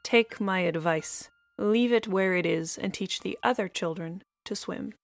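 A woman's voice: medium pitch, measured pace, creaky, faint music behind. A woman doing an old know-it-all duck.

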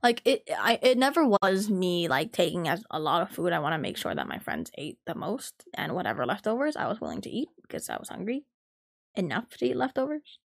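A woman's voice: on the low side, huge pitch swings, brisk, vocal fry, no echo. Young adult woman, casual podcast chatter, loose and profane, dry close recording. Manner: rambling, swears freely, lots of "like".

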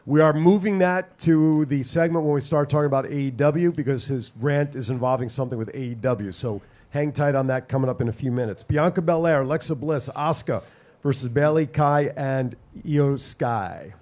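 A man hosting a wrestling podcast, agreeable and quick to laugh while he runs the segments. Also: mid-range voice, a little mellow. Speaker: podcast host. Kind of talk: casual podcast chat.

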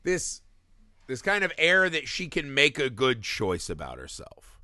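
A man's voice: medium pitch, measured pace, no room sound. A man co-hosting a podcast, reviewing a movie in casual comedic chat, swearing often and acting out the characters' lines. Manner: profane, animated, acts out characters' lines. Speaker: podcast co-host.

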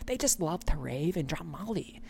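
A man's voice: fairly high pitch, sing-song, normal speed, creaky, warm tone, a little hiss or hum. A man voicing a gossipy young valley girl woman who rambles breathlessly, full of fillers.

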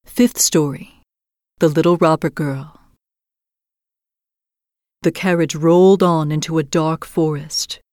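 A woman host narrating a fairy tale in a measured, expressive scripted reading. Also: low voice, dry recording, studio quality. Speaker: storyteller host.

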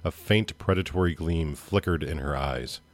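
Brief: male podcast host, low voice, steady and expressive dramatic reading. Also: normal speed.

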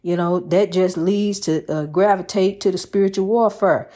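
A woman's voice: on the low side, normal speed. Woman preaching love, calling you honey. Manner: rhythmic, repeats phrases, calls listener honey; lively, swings between loud and soft. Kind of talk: preachy casual monologue.

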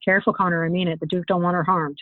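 A woman's voice: on the low side, flat delivery, very fast, no echo, lightly acted. A woman reading aloud, voicing a blunt, slangy male thug boss who gives the orders. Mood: warning. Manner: rough, slangy, commanding. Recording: tinny phone-like, dry sound.

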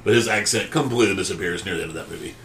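A man's voice: deep voice, very fast, fairly bright tone. A man on a movie podcast, rambling casually and hedging his points. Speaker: podcast co-host. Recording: roomy sound from off-mic with faint background noise.

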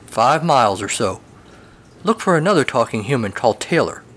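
A man's voice: medium pitch, big pitch swings, normal speed, fairly bright tone. A man voicing a laid-back, folksy male stable horse in a storybook tale, with a casual, dry drawl.

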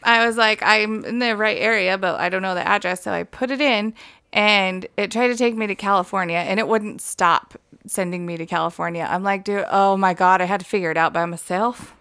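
A woman's voice: mid-range voice, fairly even intonation, fairly quick, sharp tone, smooth, no echo. A woman in casual podcast chat, talkative, swearing freely and laughing often.

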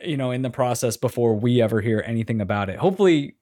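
A man chatting on a casual gaming podcast, animated and acting out quotes with his voice rising. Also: mid-range voice, fast talker.

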